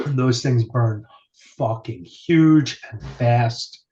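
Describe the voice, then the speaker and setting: A man's voice: medium pitch, huge pitch swings, very slow. A man chatting casually on a podcast, rambling through stories with lots of fillers and the odd swear word. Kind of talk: casual chat. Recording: dull lo-fi sound.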